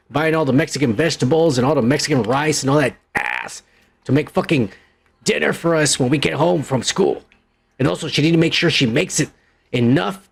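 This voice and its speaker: Brief: male podcast host, raspy and a touch high, foul-mouthed mocking rant. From Texas, USA. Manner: crude, ranting, mocking. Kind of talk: profane comedic commentary.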